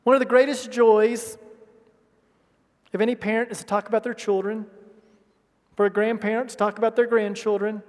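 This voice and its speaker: High-voiced preaching man in an echoing church. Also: flat delivery, moderate pace, long pauses. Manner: passionate preaching, swings from loud emphatic bursts to hushed asides. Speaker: pastor. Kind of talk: sermon. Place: church sanctuary. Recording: long hall reverb in a church sanctuary.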